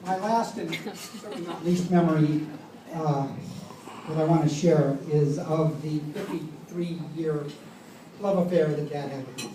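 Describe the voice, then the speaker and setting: A man's voice: on the high side, a little slow. A middle-aged man delivering a eulogy and telling humorous stories about his father. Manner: storytelling, humorous anecdotes. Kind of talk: eulogy speech. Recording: echoey room, distant mic, background noise.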